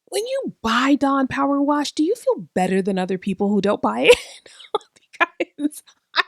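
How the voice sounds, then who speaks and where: Very animated and high-pitched at a moderate pace, a woman in her forties delivers a casual, comedic podcast monologue. She's loose and profane, chatty and self-mocking, tossing out rhetorical questions and laughing at herself often. The recording is studio quality with no room sound.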